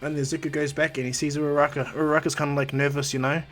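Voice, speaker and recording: A man's voice: a little high, flat delivery, rapid-fire, fairly bright tone, soft background music. A man, improvising a rambling fan-story retelling and acting out the quotes. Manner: rambling, self-correcting, acts out quotes.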